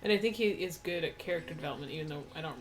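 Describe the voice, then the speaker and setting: A woman's voice: deep voice, very fast, a little hiss or hum. A woman co-hosting a casual movie-watching chat, talking in a chatty, rambling way and giggling often. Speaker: co-host.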